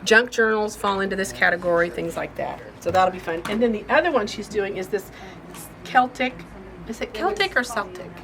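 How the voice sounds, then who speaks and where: A woman's voice: medium pitch, brisk, crowd noise. A woman hosting a craft shop's update video, chatting in a rambling, homespun way about upcoming classes. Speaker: shop host and class teacher. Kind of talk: casual shop-update chat. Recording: noisy shop recording.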